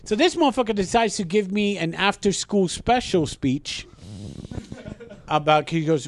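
A man's voice: fairly high pitch, moderate pace. A man telling a profane story in casual podcast chat, acting out the people in it. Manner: profane, animated retelling with quoted dialogue. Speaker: podcast co-host.

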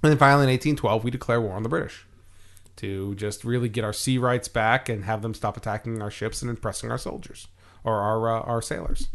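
Man, podcast co-host, relaxed comic history storyteller, mid-range voice. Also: medium pitch. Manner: loose, jokey storytelling with frequent laughs and fillers. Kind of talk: casual comedic history chat.

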